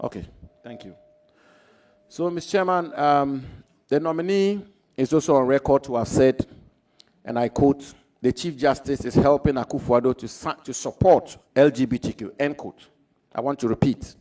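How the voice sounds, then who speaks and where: A man with a Ghanaian accent questioning a minister nominee at a parliamentary hearing, in a formal, deliberate way. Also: medium pitch, a little mellow, low-quality recording. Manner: formal, deliberate, quotes records. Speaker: committee member questioning a nominee.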